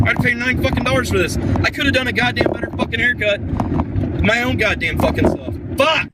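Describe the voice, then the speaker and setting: Very high-pitched man wailing, heavy swearing. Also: expressive, normal speed, very noisy. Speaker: man filmed in a played video clip. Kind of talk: distraught ranting to camera.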